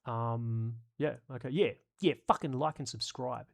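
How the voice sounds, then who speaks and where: A man hosting a live stream, reading viewer comments out loud and joking around in a casual, profane, rambling way. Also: mid-range voice, unhurried, gravelly. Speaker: streamer host.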